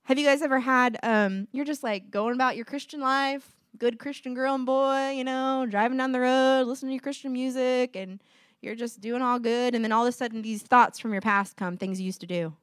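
A woman's voice: high-pitched, steady tone, fairly quick, clean tone, no echo. Earnest woman preaching, dry close sound. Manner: conversational, earnest, quotes voices in dialogue. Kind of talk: informal sermon.

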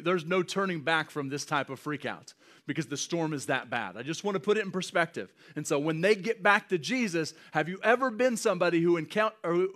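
A man preaching a sermon, animated and often chuckling as he acts out scenes. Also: fairly high pitch. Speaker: pastor.

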